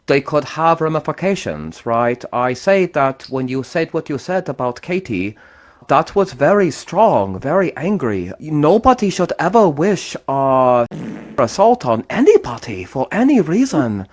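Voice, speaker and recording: A man with a lively, rising and falling voice talks in a slightly high register. He lectures with frequent hesitations and restarts. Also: a little slow. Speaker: panel participant.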